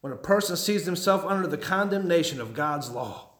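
A man's voice: on the high side, lively intonation, a little fast, fairly bright tone, reverberant. A man preaching a sermon as a pastor, fiery and pleading with a folksy drawl.

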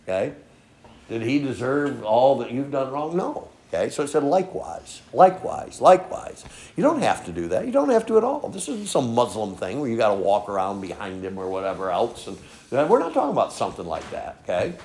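A man preaching a sermon in a folksy storytelling way, peppering his points with "okay?" and swinging from soft asides to loud emphatic lines. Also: mid-range voice, very animated, fairly quick. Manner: folksy storytelling, frequent "okay?" tag questions. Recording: echoey room.

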